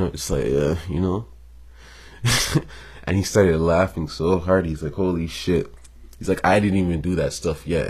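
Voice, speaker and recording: A man's voice: sits low, darkish tone, husky. A young man telling a personal story in a casual, slangy monologue, swearing freely and chuckling between lines.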